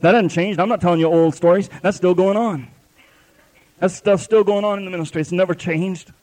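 A man's voice: high voice, fairly even intonation, fairly quick, a little mellow. A man preaching a sermon at a live church service, fervent and repetitive, with folksy grammar.

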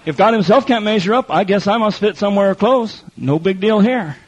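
A middle-aged preacher with a high, animated voice and a darkish tone speaks a little fast. He tells folksy testimony stories, impersonating others with quoted voices and returning to repeated phrases. The sound is muffled and lo-fi.

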